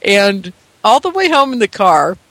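Man in his fifties, rambling and earnest, high-pitched, bright tone. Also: big pitch swings, unhurried, no echo. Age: 50s. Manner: rambling, earnest, repeats himself with many fillers. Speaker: storyteller. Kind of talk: casual spoken storytelling.

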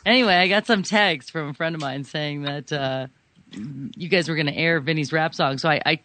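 A woman calling in to a talk radio show, relaxed and chatty, laughing often. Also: deep voice, brisk. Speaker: caller and fellow radio producer. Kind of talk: casual talk radio chat.

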